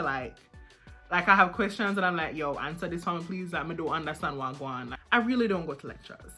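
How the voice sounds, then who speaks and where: A young woman chatting casually in a vlog about her student life, animated and prone to repeating herself. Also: medium pitch. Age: young adult. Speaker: student vlogger.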